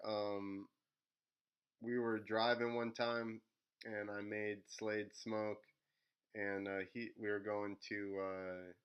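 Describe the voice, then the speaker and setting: A man's voice: fairly low pitch, smooth, lo-fi sound. A man hosting a podcast in casual chat, joking, laughing often and telling stories. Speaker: podcast host.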